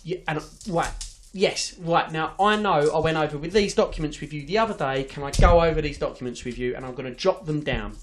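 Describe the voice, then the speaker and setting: A man's voice: on the high side, a little fast, hardly any pauses, a little hiss or hum. A man hosting a podcast, telling an office story in a sweary, ranting, casual way. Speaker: podcast host.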